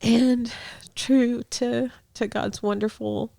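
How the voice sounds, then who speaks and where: A young adult woman sharing a heartfelt faith testimony as a guest in a conversation, earnest, with soft laughs and restarts. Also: on the high side, steady tone, takes it slowly, gravelly, no room sound. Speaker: podcast guest, ministry director.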